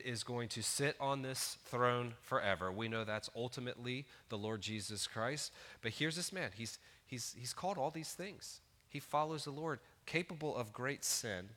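A man's voice: mid-range voice, bright, forceful tone, big-room sound. A man in his thirties preaching a sermon in an earnest, conversational way, building to emphatic peaks. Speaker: pastor.

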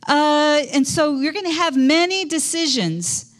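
A woman's voice: high-pitched, lively intonation, measured pace, fairly bright tone. A middle-aged woman pastor preaching a conversational sermon in a church, quizzing the congregation as she goes.

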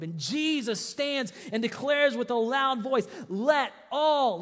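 A man preaching a sermon, animated, his voice rising for emphasis and dropping low at the ends of phrases. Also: in a large hall. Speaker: pastor.

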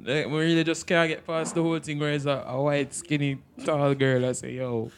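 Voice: mid-range voice, level tone, brisk, a little hiss or hum. A co-host, making laid-back remarks in a casual podcast chat.

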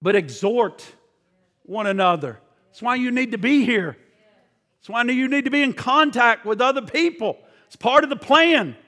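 High-voiced preacher in a reverberant hall. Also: male voice, animated, normal speed, pushed and bright. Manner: fervent, quizzes the congregation with questions. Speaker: pastor. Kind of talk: sermon.

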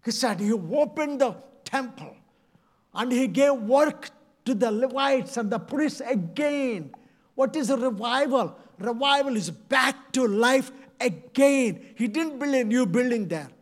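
A man's voice: very high-pitched, expressive, a little slow. A middle-aged man from India, preaching a passionate, pleading sermon full of repeated phrases. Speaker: evangelist preacher.

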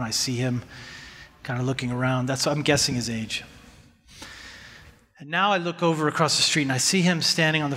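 A man's voice: medium pitch, a bit bright. A man earnestly telling a personal story in a casual, conversational way, acting out what he and others said. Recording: long hall reverb.

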